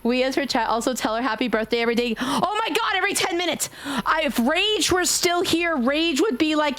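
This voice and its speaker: A woman's voice: high-pitched, lively intonation, fairly quick, hardly any pauses, a bit bright, dry recording. A woman streamer from Brooklyn with a faded New York accent, chatting casually during a game stream. She is playful and giggly and swears freely. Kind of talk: casual gaming livestream chat.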